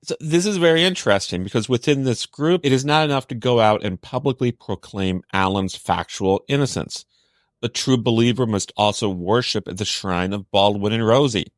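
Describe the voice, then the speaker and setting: A man's voice: on the low side, normal speed, no room sound. A young adult man co-hosting a podcast, giving dry, pointed commentary from a script. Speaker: podcast co-host. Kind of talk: scripted true-crime commentary.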